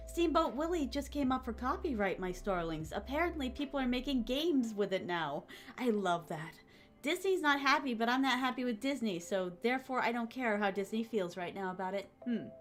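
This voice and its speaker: Reading her viewers' comments and chatting easily with them, a woman streamer speaks in a gentle, calming, maternal voice of fairly high pitch.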